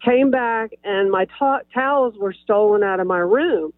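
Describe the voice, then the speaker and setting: A woman's voice: mid-range voice, a little slow, dry recording. A woman calling in to a radio show, cheerful and chatty, giggling as she tells her story. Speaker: caller. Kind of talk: telling a story on a call-in show. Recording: tinny phone line.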